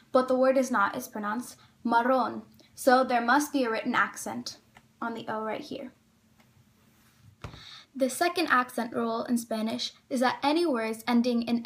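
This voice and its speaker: A woman explaining a lesson, slowing down carefully on each example word. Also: a little high. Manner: careful, slows down on example words.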